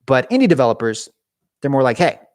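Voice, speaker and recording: A man's voice: medium pitch, very animated, quick pace, a little mellow, dry recording, clean studio sound. A young man hosting a casual live stream, chatting animatedly with viewers and often restarting his sentences. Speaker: YouTube gaming channel host.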